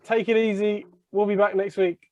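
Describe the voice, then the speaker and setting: A man's voice: high voice, level tone, moderate pace, darkish tone, no room sound. A man co-hosting a casual podcast chat, rambling and laughing mid-sentence. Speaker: podcast co-host. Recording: dull lo-fi audio.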